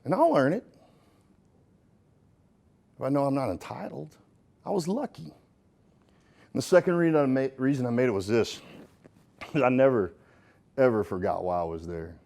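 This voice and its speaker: A man's voice: medium pitch, lively intonation, moderate pace, creaky, long pauses. Folksy, joking man giving a keynote. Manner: folksy and joking, swinging between punchy and hushed. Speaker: motivational speaker. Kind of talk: live keynote speech to an audience. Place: stage in front of a live audience.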